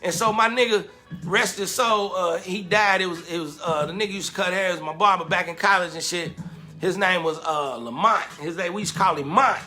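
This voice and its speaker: A man casually telling a lively, slangy story about his club days and acting out the quotes. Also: sits high, fairly quick, faint music behind. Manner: animated, slangy, acts out quotes with laughter.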